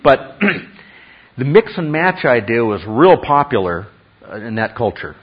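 A man preaching a sermon in an emphatic way, often checking in with his listeners with a quick "okay?" between points. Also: medium pitch, sing-song, slightly rough, highs cut off. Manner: emphatic, with acted quotes and frequent "okay?".

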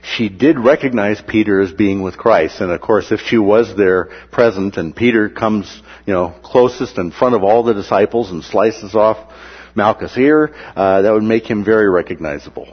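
A man with a husky, low voice teaches through Bible verses in a relaxed, conversational way, full of "uh" and "right?" asides. He sometimes jumps higher to act out a quoted line. The sound is muffled and trails off into a long reverb. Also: moderate pace.

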